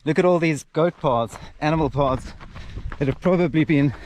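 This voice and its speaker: A man's voice: fairly high pitch, moderate pace, darkish tone, slight background noise. A man guiding a trail run and narrating a vlog on desert hills, upbeat and joking as he explains the landmarks. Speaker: trail running tour guide. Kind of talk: outdoor vlog commentary.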